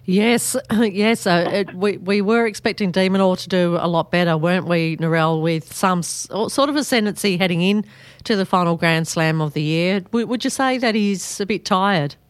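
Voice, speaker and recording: A woman's voice: lowish voice, moderate pace, dry recording, studio quality. A woman with an Australian accent hosting a community radio sports show, talking in a chatty way with frequent fillers and restarts.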